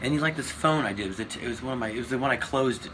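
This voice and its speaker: Casting: man in his 50s, comedian guest, fast-talking, loose and profane, noisy recording. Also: mid-range voice. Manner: animated, profane storytelling with many restarts. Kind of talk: casual interview chat.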